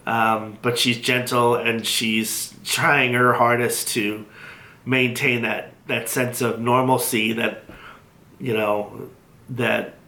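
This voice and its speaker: Guy doing a casual video diary, slow and halting, lots of ums, bright voice. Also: medium pitch, flat delivery, roomy sound. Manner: halting, many fillers and restarts, heartfelt. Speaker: vlogger sharing his cancer treatment. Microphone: built-in device mic after lapel mic failed.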